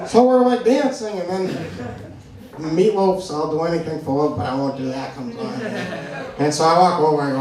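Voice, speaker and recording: A man's voice: on the high side, normal speed, a crowd in the background. A man from New England doing stand-up, telling a rambling story full of "like" and restarts, laughing at himself. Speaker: stand-up comedian. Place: comedy venue stage. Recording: echoey room heard from far off.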